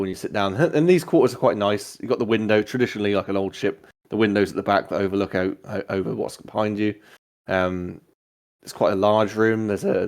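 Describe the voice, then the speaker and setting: Man, game master, tabletop narration, relaxed, low voice, filler-heavy. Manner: relaxed, lots of ums, laughs at himself.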